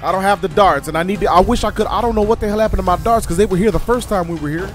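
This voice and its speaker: A man, commentating his co-op stealth game casually, excitable and joking, teasing his partner. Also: high-pitched, racing, soft background music. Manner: excitable, jokey, trash-talks his partner, bursts into loud laughs. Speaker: gaming channel host.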